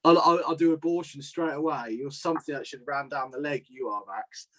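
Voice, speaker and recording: A man's voice: a little high, a little fast, bright, forceful tone. Young guy from down south, laid-back sweary banter, laughs a lot. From southern England. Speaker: co-host, amateur boxer. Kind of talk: casual banter.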